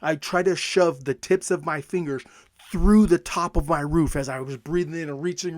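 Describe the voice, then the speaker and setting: A male motivational coach with a fairly high voice and energetic delivery. He keeps coming back to the same phrases for emphasis. The sound is dry and close, with no room around it. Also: a little fast, no echo. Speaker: self-help coach. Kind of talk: motivational talk.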